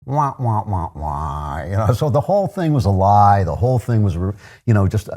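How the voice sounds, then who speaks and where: A man's voice: fairly low pitch, very animated, a little fast, warm tone. An older man hosting a political commentary show, delivering a sardonic, opinionated monologue with chuckling asides.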